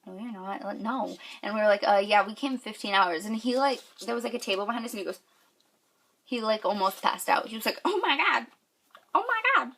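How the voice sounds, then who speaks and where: A woman's voice: mid-range voice, fairly even intonation, a little fast, fairly bright tone. A young woman from New York telling a story to camera with lots of fillers, gushing and squealing when she quotes people. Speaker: vlogger.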